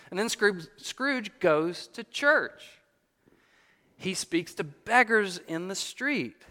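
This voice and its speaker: A man preaching a sermon, telling a story in an animated way with the odd light laugh. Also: high voice, in a large hall.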